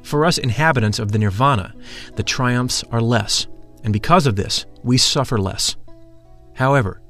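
A serene maiden of paradise answers in a calm, even, consoling voice, as a male reader puts her on. The pitch stays at a plain middle, with faint music underneath. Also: moderate pace, lightly acted.

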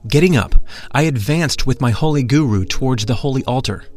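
A man reading a first-person story aloud in a measured, reverent way. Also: mid-range voice, a little mellow. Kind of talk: scripted narration. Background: faint music.

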